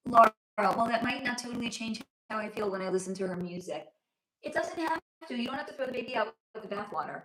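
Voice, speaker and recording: A woman hosting a casual livestream from home, reading viewer comments aloud, calling people honey and sweetie and swearing freely, her voice going hoarse. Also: fairly high pitch, lively intonation, fast talker, fairly bright tone. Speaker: livestream host. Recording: roomy echo.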